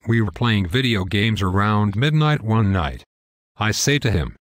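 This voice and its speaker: Laid-back man with a low voice. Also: expressive, a little slow, dry recording, studio quality. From United States. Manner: profane, laid-back, matter-of-fact. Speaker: storyteller. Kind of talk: casual scripted story narration.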